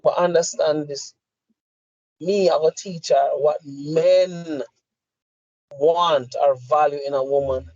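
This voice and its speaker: A man's voice: on the high side, darkish tone, no room sound. Fired-up Jamaican man ranting. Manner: impassioned, profane, emphatic. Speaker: podcast co-host. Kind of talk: heated opinion rant. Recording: dry, slightly muffled lo-fi audio.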